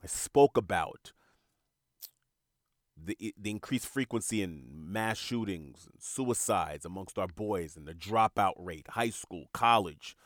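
Brief: earnest male podcaster musing alone, lowish voice, halting repeats. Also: expressive, no room sound, clean studio sound. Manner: earnest, repeats words when searching for them. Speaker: podcast host. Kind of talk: reflective monologue.

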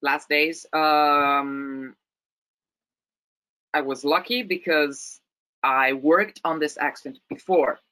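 A woman's voice: low-pitched, fairly even intonation, slow pace, long pauses, sharp tone, no room sound, low-quality recording. A woman from Rome speaking English with an Italian accent, an actress talking thoughtfully in an interview with frequent restarts. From Italy, Rome. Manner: thoughtful, many restarts and repeated words. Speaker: actress, guest. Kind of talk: interview conversation.

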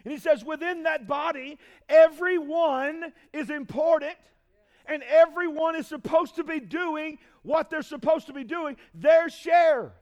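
High-voiced preaching pastor, booming and hushed. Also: male voice, measured pace, dull audio. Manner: preaching with call-and-response, shouting peaks and dropping low. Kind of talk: sermon.

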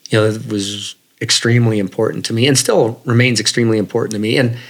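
A man's voice: fairly low pitch, fairly even intonation, fast. A man, a guest runner, telling personal stories in an interview in a casual, reflective way with many fillers. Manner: reflective, casual, lots of fillers like "you know". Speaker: guest, long-distance runner. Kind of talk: storytelling in an interview.

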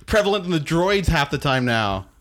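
Brief: man, higher voice, lively pitch, dismissive casual talk full of fillers. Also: normal speed. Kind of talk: casual chat.

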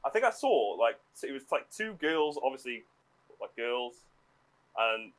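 Guy, mid-pitched, sheepish laughing raconteur. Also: very animated, measured pace, fairly bright tone, poor audio. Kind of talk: casual chat.

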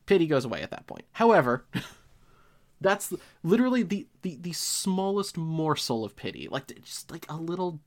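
A man, a voice actor, chatting casually in a cast Q&A with wry, quick jokes. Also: fairly high pitch, big pitch swings. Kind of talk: casual chat.

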